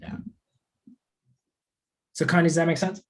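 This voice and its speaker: A man's voice: a little high, fairly even intonation, measured pace. A young man teaching a live online math lesson in a casual way, answering student questions as he works through problems. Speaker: course instructor.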